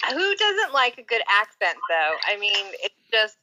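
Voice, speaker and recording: A woman chatting casually in a group voice chat, laughing and chiming in with quick agreement. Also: on the high side, pushed and bright, low-quality recording. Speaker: stream guest.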